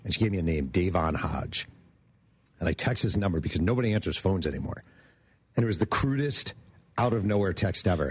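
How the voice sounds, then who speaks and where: Low, husky male author guest, animated storyteller who voices his quotes. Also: a little fast, no room sound. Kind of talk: storytelling interview.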